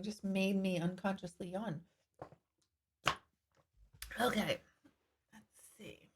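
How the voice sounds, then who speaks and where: A woman's voice: medium pitch, fairly even intonation, slow pace, pauses often, slight background noise. A middle-aged woman hosting a casual live stream, chatting candidly and reading viewer comments, with the occasional swear word.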